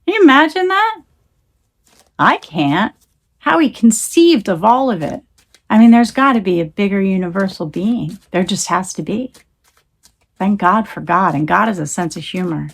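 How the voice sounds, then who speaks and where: A woman's voice: mid-range voice, expressive, moderate pace, creaky, breathy edge. A woman talking into her phone in a rambling, emphatic monologue, swearing when she gets heated. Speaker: tarot reader.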